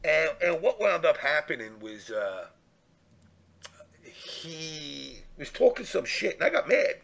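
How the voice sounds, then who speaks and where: A man telling a profane, animated story in casual chat, acting out the people he quotes. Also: on the high side, slow, gravelly.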